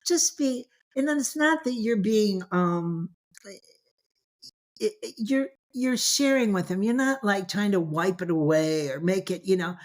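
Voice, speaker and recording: A woman's voice: mid-range voice, measured pace. An older grandmother, a guest on an interview show, telling stories in a rambling way, full of "you know" and restarts, acting out the voices she quotes. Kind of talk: casual interview storytelling.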